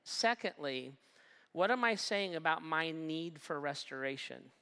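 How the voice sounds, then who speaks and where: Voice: mid-range voice, expressive, measured pace, bright, forceful tone, smooth. A pastor preaching a sermon with emphasis, repeating phrases and asking the listeners questions. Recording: long hall reverb.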